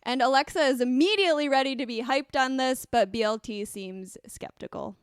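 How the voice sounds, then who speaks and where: A woman's voice: high voice, a little fast, clear, resonant tone, no room sound, clean studio sound. A woman co-hosting a podcast, recapping an episode in casual chat, with lots of filler words. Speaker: podcast co-host.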